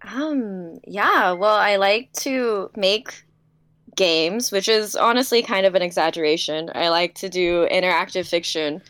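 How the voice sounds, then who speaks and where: A woman's voice: medium pitch, a little slow, fairly bright tone, smooth. A woman chatting as a guest on a stream, upbeat and giggly, with a friendly easy manner. Her voice sits mid-range and is recorded dry and close with no room echo. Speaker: guest game developer. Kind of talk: casual interview chat.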